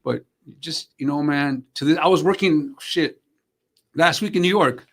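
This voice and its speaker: A man's voice: fairly high pitch, a little slow, fairly bright tone. A man in his sixties, an actor and comedian, telling stories in a casual interview in a streetwise way, swearing freely and calling people bro and man. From United States. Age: 60s.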